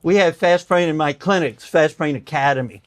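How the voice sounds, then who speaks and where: An older man's voice, on the high side and moderately paced, comes through a dry recording. A doctor and guest, he tells conversational stories with vivid impressions of the people in them, and his emotion brings tears.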